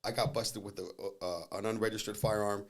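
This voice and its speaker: Guest voice: quick, animated male storyteller, profane, does the voices of the people in his stories. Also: fairly low pitch. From Southern California. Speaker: podcast guest, jiu-jitsu instructor. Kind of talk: casual storytelling. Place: podcast studio.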